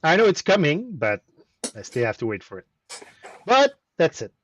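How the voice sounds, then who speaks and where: A man's voice: fairly high pitch, moderate pace, dull audio, a little hiss or hum. French Canadian man telling a story. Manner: animated storytelling with repeated restarts. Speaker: host of a weekly chat stream. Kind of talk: casual chat.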